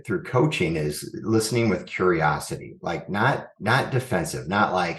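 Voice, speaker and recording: Man in an echoey room, low voice, earnest guest who thinks out loud. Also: lively intonation, normal speed. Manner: earnest, thinks aloud with frequent restarts. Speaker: school superintendent guest. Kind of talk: reflective interview answers.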